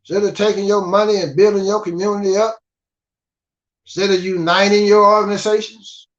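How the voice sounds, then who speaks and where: A man's voice: high voice, little pitch movement, brisk, fairly bright tone. An older man from the United States gives a blunt, scolding monologue and keeps asking "you understand?". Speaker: guest speaker. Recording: dull lo-fi audio.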